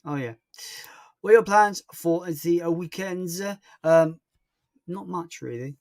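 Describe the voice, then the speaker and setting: A man's voice: fairly high pitch, slow pace, a little mellow, no room sound, studio quality. A young man hosting a casual livestream and chatting through viewer comments in a rambling, self-deprecating way. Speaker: livestream host.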